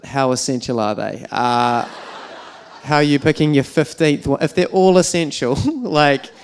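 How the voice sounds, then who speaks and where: A man's voice: mid-range voice, measured pace, smooth. A man doing a stand-up comedy routine on stage at a fundraiser, telling wry, self-deprecating stories with lots of fillers.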